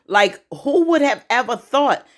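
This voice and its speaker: A woman vlogger in casual chat, animated and slangy, acting out the characters as she talks. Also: on the high side, unhurried. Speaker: vlogger recapping a TV episode.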